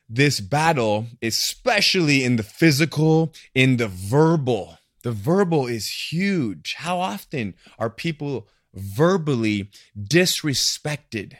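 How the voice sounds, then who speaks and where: A man in casual podcast conversation, talking in an animated way and acting out the voices he quotes. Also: medium pitch, no echo, studio quality.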